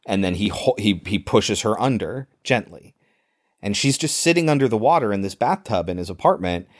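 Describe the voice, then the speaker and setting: A man's voice: lowish voice, expressive, moderate pace. Man casually recapping a film plot. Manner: retells scenes in detail, acts out quoted lines. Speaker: podcast host.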